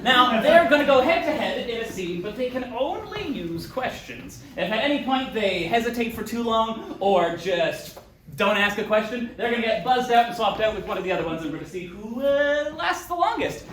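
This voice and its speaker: A man's voice: very high voice, very animated, moderate pace, a bit bright. A man who teaches improv, hosting a live show and joking playfully with the crowd. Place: theater stage. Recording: echoey theater, distant mic, crowd. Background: audience laughter.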